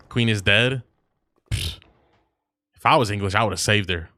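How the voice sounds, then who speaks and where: A man's voice: fairly low pitch, normal speed, long pauses, pushed and bright, no room sound, clean studio sound, faint music behind. A man streaming a video game, chatting casually in a profane, teasing way that often breaks into laughter. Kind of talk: casual gaming chat.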